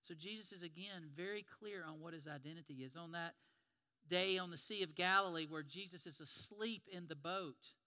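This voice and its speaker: Guy preaching, high bright voice, chatty storytelling, long hall reverb. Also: normal speed. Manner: storytelling, conversational, acts out quoted lines. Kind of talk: sermon.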